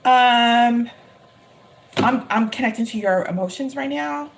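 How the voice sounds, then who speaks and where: A woman giving a live-streamed tarot reading, talking emphatically and repeating her phrases with excitement. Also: a little high, unhurried, vocal fry. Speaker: tarot reader.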